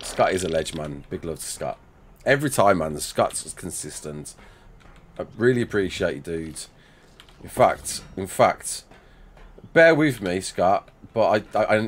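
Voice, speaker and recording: Animated man streaming a game. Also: low-pitched, normal speed. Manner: animated, reacts to chat with laughs and outbursts. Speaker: livestreamer. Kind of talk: casual livestream chat while playing.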